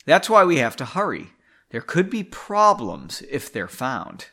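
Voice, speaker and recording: Man as a calm, resolute young hero, urgent, lively delivery. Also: on the high side, a little slow, full character voice.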